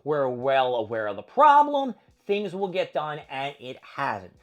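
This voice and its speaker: A man's voice: medium pitch, big pitch swings, measured pace, a bit bright. Young man ranting, profane and exasperated. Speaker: vlog host. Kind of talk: casual monologue vlog.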